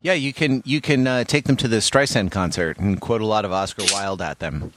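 A man's voice: on the low side, a little fast, a bit bright, a little hiss or hum. A man hosting a podcast who speaks casually and makes dry, wry jokes. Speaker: host.

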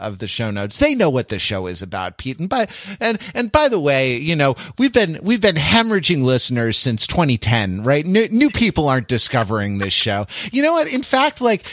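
A man's voice: medium pitch, a bit bright, dry recording, clean studio sound. A man hosting a podcast in casual chat, rambling and joking, with many fillers and restarts. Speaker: podcast host.

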